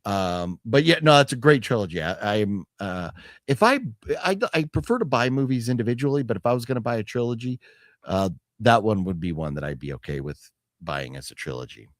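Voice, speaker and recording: Co-hosting a physical media haul stream, a man chats casually, rambling, restarting sentences, using hedging fillers, swearing freely and reading product blurbs aloud. His expressive voice moves fairly quickly, its pitch swinging all over the place. It sounds close and dry, with no room around it and no echo.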